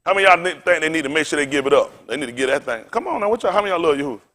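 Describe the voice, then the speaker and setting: A man preaching a fiery sermon, firing rhetorical questions at the congregation and dropping into low, conversational asides. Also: lively intonation, rapid-fire, pushed and bright. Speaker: pastor.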